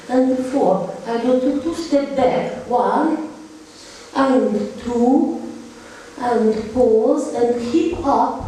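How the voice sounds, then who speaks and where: A woman's voice: on the high side, warm tone, a little hiss or hum. A woman teaching belly dance steps, counting beats aloud and explaining the song's lyrics. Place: dance studio. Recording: echoey room, mic far off.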